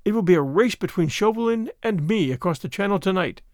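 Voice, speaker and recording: A man's voice: sits high, lively intonation, a little fast, darkish tone, no room sound, clean studio sound. A man voicing a desperate noble lady who pleads earnestly for help. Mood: resolute. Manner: pleading, urgent.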